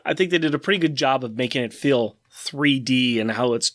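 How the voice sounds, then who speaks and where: A man's voice: mid-range voice, brisk, a bit bright. A man co-hosting a podcast, talking casually and teasingly about comic books. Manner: playful, teasing. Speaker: podcast co-host. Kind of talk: casual comic book chat.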